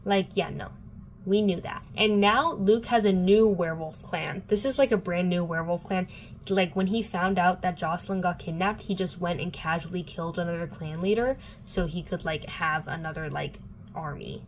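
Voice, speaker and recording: A woman's voice: lowish voice, normal speed, a little hiss or hum, rough recording. Chatty young woman recapping a book. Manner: chatty, filler-heavy, sarcastic asides. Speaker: book vlogger.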